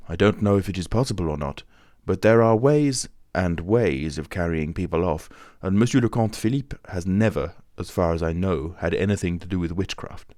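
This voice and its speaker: A man reading an audiobook, voicing a grave, cautious stranger who speaks in calm, measured warnings. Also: low-pitched, no echo, studio quality, lightly acted. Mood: guarded. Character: grave, mysterious male stranger, cautious and secretive.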